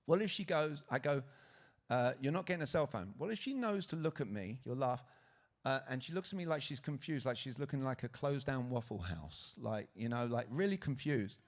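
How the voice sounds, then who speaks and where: Lively male conference speaker. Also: medium pitch, moderate pace. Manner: lively, asks the audience questions, acts out quotes. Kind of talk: live keynote talk on sales. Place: conference hall stage.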